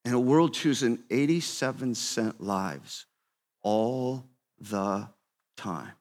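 A man in his fifties preaching a sermon to a room, conversational and repetitive, swinging between quiet asides and emphatic, raised exhortation. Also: medium pitch, lively intonation, slow pace. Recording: long reverb of a large hall.

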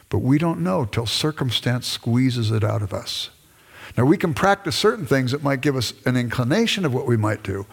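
Speaking in a husky, medium-pitched voice, a former pastor turned lecturer talks conversationally to a class. This older man plays out snatches of dialogue with his wife, all under the long reverb of a hall.

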